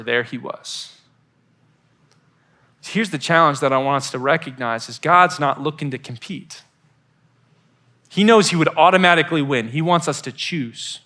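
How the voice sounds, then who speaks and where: Youth pastor guy, bright, a bit high pitched, acts out phone calls while he preaches. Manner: animated storytelling with acted-out phone voices. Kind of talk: youth sermon.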